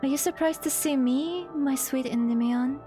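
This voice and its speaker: A woman's voice: sits high, moderate pace, warm tone, soft background music, lightly acted. A woman voicing a sweetly menacing visitor in a visual novel, speaking in a sing-song, honeyed way.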